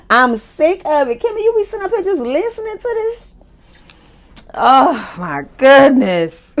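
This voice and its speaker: A woman hosting a casual reality TV recap, talking in lively slang, laughing often and throwing in teasing, disbelieving asides. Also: medium pitch. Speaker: recap show host.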